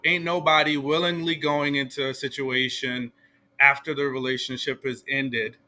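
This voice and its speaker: A man as a guest in a casual podcast discussion, talking in a measured, reasoned way and often checking with "right?". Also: mid-range voice, pushed and bright. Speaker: guest panelist.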